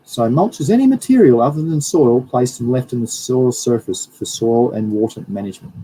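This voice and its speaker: Mellow, rambling man. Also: mid-range voice, animated, moderate pace, a little hiss or hum, rough recording. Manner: rambling, self-correcting, chatty. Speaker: livestream host, plant scientist. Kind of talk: casual livestream talk, reading through slides.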